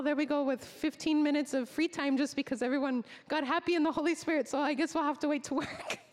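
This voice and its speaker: A woman, a teacher, telling a personal testimony in a casual, animated storytelling way, acting out the dialogue she quotes. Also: sits high, in a large hall.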